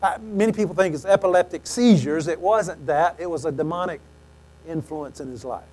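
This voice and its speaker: A man preaching a sermon, telling stories animatedly and acting out quoted lines, often clearing his throat. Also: a little high, brisk, a little mellow, low-quality recording.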